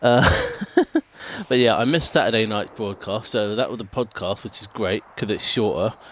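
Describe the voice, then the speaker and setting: A man's voice: fairly low pitch, normal speed, a bit bright, a little hiss or hum. A British man streaming a game and chatting casually in a rambling way, swearing now and then and mimicking sound clips. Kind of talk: casual chat while gaming.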